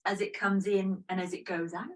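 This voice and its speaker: Gentle woman teaching yoga breathing. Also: mid-range voice, flat delivery, normal speed, far from the mic, poor audio. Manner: gentle, chatty and self-deprecating. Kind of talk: guided breathing instruction.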